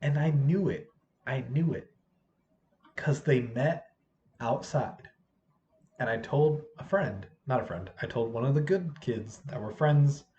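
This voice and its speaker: A hoarse substitute teacher recounts the day in a casual vlog, voice swinging up and down with animated expression and slipping into the voices of others mid-story. The sound is a little dull and muffled, with a faint hum of ambience behind it. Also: mid-range voice, unhurried, long pauses. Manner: animated, acts out what others said. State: hoarse from yelling.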